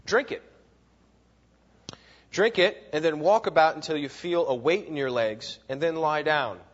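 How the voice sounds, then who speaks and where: A man's voice: fairly high pitch, a little slow, muffled recording. A man retelling a matter-of-fact executioner. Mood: instructing.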